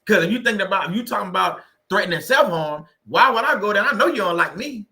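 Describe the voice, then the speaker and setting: A man hosting a livestream, chatting casually and joking with his viewers, often laughing. His voice sits a little high and rings out bright and forceful. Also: lively intonation, quick pace. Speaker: livestream host on narcissistic abuse.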